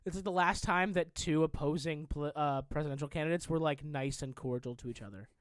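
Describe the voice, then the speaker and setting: A man's voice: on the high side, fast, clean tone, no room sound. A young man co-hosting a podcast, talking casually and animatedly, swearing and mocking as he goes. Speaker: podcast co-host. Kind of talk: casual chat.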